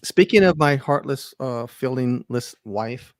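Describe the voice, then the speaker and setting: A man's voice: medium pitch, expressive, unhurried, no echo, clean studio sound. Joking man telling rambling stories. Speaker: podcast co-host. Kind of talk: casual chat, storytelling.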